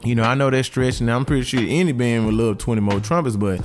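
A man's voice: medium pitch, quick pace, faint music behind. A man hosting a casual reaction show, talking slangy and straight to his listeners about a band battle. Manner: animated, slangy, talks straight to his audience.

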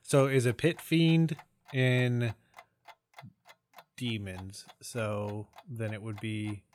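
A man's voice: mid-range voice, fairly even intonation, extremely slow, noisy background. A man playing a trivia game, pondering aloud then pushing his teammate to commit. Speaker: quiz contestant. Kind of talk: casual game chat.

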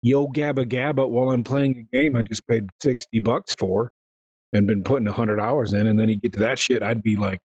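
Animated, rambling man hosting a podcast. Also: mid-range voice, a little fast, husky, dry recording, muffled recording. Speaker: podcast host. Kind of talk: casual gaming chat.

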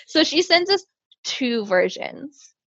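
A woman's voice: high-pitched, very animated, slow pace, fairly bright tone, no echo. A woman co-hosting a casual chat, telling a crude story with lots of laughing. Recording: dull lo-fi sound.

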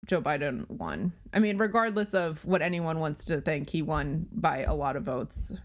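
A woman's voice: sits low, animated, normal speed. A woman co-hosting a podcast, chatting casually with frequent ums and likes. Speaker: podcast co-host. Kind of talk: casual chat.

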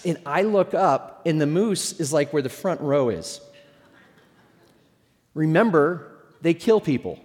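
Middle-aged pastor guy, kinda high voice, chatty funny sermon, long echo from the hall. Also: expressive, unhurried, pauses often, darkish tone. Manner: conversational storytelling with humor.

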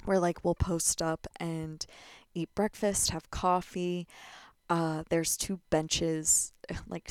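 Casting: young woman host, lowish gravelly voice, blunt and chatty, solo podcast. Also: no room sound. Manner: chatty, frequent "like" fillers, blunt and profane. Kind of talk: casual solo podcast chat.

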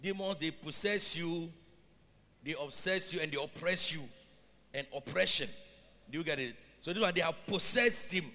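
A man's voice: fairly high pitch, normal speed, pushed and bright, big-room sound. A man preaching a sermon, reading scripture aloud and then explaining it, often checking that his congregation follows.

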